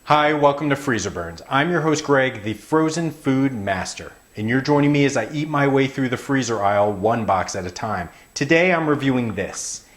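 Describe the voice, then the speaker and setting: A man's voice: mid-range voice, lively intonation, moderate pace, few pauses. A man hosting a casual frozen food review to camera, wry and playfully exasperated, often calling his viewers "guys.".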